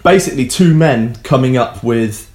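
A man's voice: mid-range voice, normal speed. A man co-hosting a casual science podcast, explaining things loosely with jokes and many ums. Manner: relaxed, joking, many ums and restarts.

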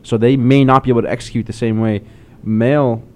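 Guy with a mid voice, talks calm and measured in a chat. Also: medium pitch, a little hiss or hum. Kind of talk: casual chat.

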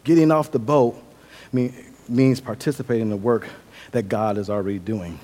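A man's voice: mid-range voice, fairly even intonation, moderate pace. Young male preacher, Midwest-raised, earnest testimony delivery with swings in volume. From Milwaukee, Wisconsin. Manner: earnest storytelling, shifting from loud to quiet. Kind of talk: sermon with personal testimony.

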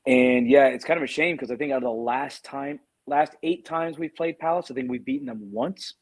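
A man, co-hosting a podcast, giving steady, opinionated football analysis in casual chat. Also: mid-range voice, brisk, husky, dry recording. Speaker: podcast co-host.

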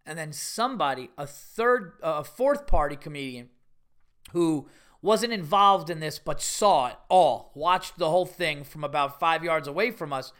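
A man's voice: a little high, moderate pace. A man hosting a podcast, telling a rambling, profane story about his week as a comedian. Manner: rambling, profane, animated retelling with quoted voices. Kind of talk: casual storytelling monologue.

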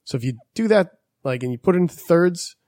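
A man's voice: sits high, expressive, brisk, darkish tone, no room sound. Profane rambling man, dry sound. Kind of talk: casual chat.

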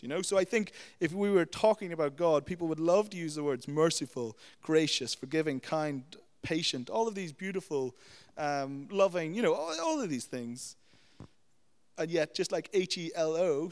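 A young adult man preaching a sermon, teaching with lively storytelling and checking in with "okay?" and "you know". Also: a little high. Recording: long hall reverb.

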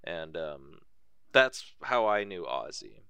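A man's voice: extremely low pitch, very animated, slow pace, creaky, pushed and bright, clear, resonant tone, dry recording. A young man chatting casually on a podcast, laid-back and swearing freely. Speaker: podcast co-host.

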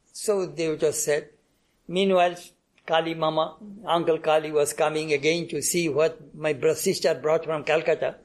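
A man's voice: a little high, steady tone, moderate pace. A man giving a devotional talk, telling anecdotes and acting out bits of dialogue, coughing often, with frequent restarts. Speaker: spiritual speaker.

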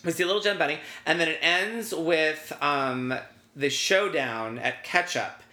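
Snarky podcast co-host, bright sharp tone, roomy echo. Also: mid-range voice, unhurried. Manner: snarky, swears, deadpan jokes. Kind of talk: casual recap chat.

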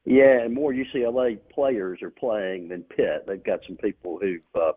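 A man with a very low, husky voice weighs his picks in a measured way, pausing with "uh" and "um". He comes through a tinny phone line. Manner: measured, with hesitant fillers. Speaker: guest on call-in. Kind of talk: casual radio chat.

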